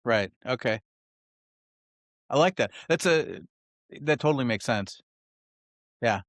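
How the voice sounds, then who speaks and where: A man's voice: mid-range voice, animated, takes it slowly, no echo, clean studio sound. A man hosting a podcast interview, chatty and affirming, with rambling questions. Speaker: podcast host. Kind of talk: casual interview chat.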